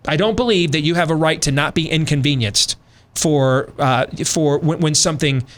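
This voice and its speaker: A man's voice: fairly high pitch, normal speed, fairly bright tone. A middle-aged man hosting a radio talk show, ranting with sarcastic, emphatic commentary.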